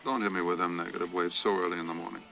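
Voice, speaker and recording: A man's voice: low-pitched, steady tone, rapid-fire, vocal fry, highs cut off. An actor playing an easygoing male hippie tank commander in a war film, with a loose, drawling way of talking. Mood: mellow. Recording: film soundtrack with music behind.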